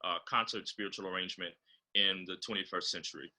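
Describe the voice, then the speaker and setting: Bright-voiced man explaining choral diction. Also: deep voice, steady tone, poor audio. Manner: explains choral diction, often pausing on fillers. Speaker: composer and choral director guest. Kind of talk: instructive talk over a video call. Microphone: video call.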